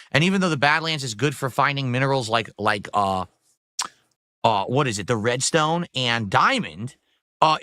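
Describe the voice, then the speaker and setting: A man with a bright, forceful voice talks loosely and at length as he hosts a casual livestream. He reads out donor messages as he goes, and the sound is dry and close. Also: medium pitch, no room sound. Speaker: streamer host.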